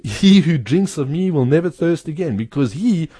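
A man's voice: a little high, animated, normal speed, mellow, slightly rough, no room sound, clean studio sound. A man co-hosting a talk show, earnestly explaining scripture and quoting passages. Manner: earnest explaining, repeats key words, quotes scripture. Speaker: Bible teacher co-host. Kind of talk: teaching on scripture in a radio-style talk show.

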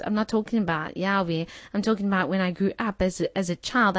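A woman's voice: mid-range voice, a little mellow, no room sound. A woman giving an earnest, casual spoken faith teaching, repeating phrases and acting out inner voices. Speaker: co-host of an online prayer meeting.

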